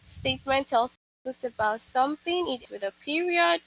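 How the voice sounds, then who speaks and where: A woman's voice: high voice, animated, normal speed, fairly bright tone, no echo, poor audio. A woman teaching an online lesson to young children, patiently explaining and repeating herself, with many "okay"s and "all right"s.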